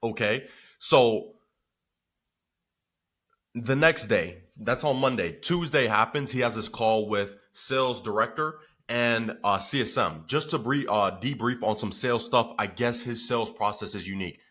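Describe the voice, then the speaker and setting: A man who runs a business telling a story in a casual vlog, animated and swearing freely with lots of filler. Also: medium pitch, unhurried.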